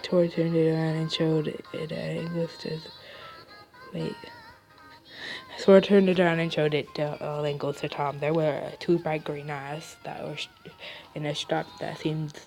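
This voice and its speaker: A woman reading fan fiction aloud on a casual livestream, hesitant and full of restarts. Her voice is low and flat, and clear music plays behind her. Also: low-quality recording. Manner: hesitant, many fillers and restarts. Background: background music.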